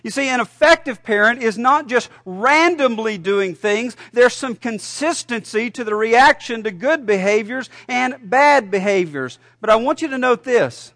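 A man preaching a sermon as a pastor, animated, telling a story and shouting punchlines. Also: extremely high pitch, a little slow, few pauses, dry recording, studio quality. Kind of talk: sermon with a joke told.

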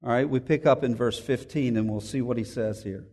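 A man's voice: mid-range voice, fairly quick, darkish tone. A man preaching an expository sermon, reading scripture aloud and explaining it verse by verse, stressing key phrases by repeating them. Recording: long hall reverb.

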